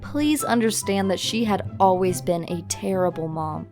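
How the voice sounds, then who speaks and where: A woman narrating a scripted first-person story in an even, steady delivery. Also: mid-range voice, moderate pace, faint music behind.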